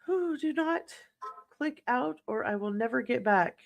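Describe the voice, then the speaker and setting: Hosting a true crime livestream, a woman with a slightly high, creaky voice and lively intonation takes her time. She reads viewer comments with casual snark and frequent laughter.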